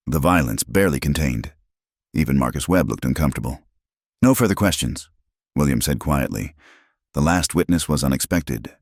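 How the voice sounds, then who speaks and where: A man's voice: very deep voice, a little mellow, no room sound, clean studio sound. A man narrating a Western story in a dramatic storytelling manner. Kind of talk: scripted narration.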